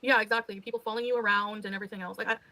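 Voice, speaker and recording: A woman's voice: mid-range voice, fairly even intonation, racing, pushed and bright, no room sound, poor audio. A woman ranting defensively on a livestream, exasperated and swearing as she talks. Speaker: livestreamer being reacted to. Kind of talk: heated livestream rant.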